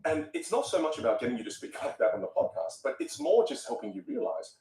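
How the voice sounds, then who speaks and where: A male voice coach chats quickly on a podcast with a lively, melodic delivery that leaps around in pitch. He often restarts phrases while thinking aloud. The mic sits some distance away in a roomy space with a faint hiss. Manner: expressive, musical delivery, repeats words when starting. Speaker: voice coach guest. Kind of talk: animated podcast conversation.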